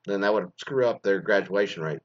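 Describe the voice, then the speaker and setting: A man's voice: low voice, brisk, lo-fi sound. A man in his forties, a former teacher, telling a crude story in a casual rant and swearing constantly. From Mesquite, Texas.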